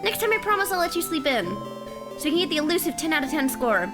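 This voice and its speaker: Woman reading as a sweet, bubbly young heroine, pitched up high, game music behind. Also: expressive, quick pace. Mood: eager. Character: cheerful eager young woman friend. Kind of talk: reading game dialogue aloud.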